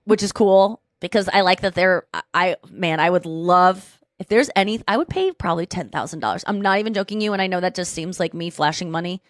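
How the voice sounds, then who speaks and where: A woman's voice: lowish voice, expressive, brisk, few pauses, dry recording. Woman podcast host, casual rambling chat, lots of restarts, dry room. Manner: chatty, rambling retelling with restarts.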